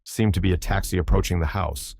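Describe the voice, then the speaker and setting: A man narrating an audiobook in a measured, even scripted reading, recorded close to the mic. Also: sits low, creaky, dry recording.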